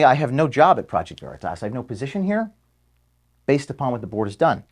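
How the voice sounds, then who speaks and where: A man recording an emotional statement to his staff from an office, earnest and close to tears, his voice sinking low and quiet at times. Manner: earnest, voice dropping low and quiet when moved. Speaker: organization founder addressing staff.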